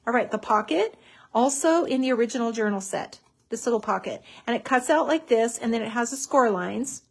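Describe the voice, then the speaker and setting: A woman's voice: on the high side, lively intonation, fairly quick, slightly rough. Bubbly woman hosting a craft tutorial. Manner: chatty and bubbly, with many fillers.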